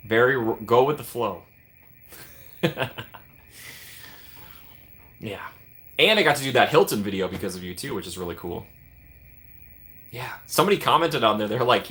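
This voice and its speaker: Chatty guy on a live stream, bright voice, all over the place pitch-wise, laughs a lot. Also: animated, normal speed, pauses often. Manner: rambling and chatty, laughs often, thanks viewers by name. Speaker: livestream host. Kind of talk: casual livestream chat.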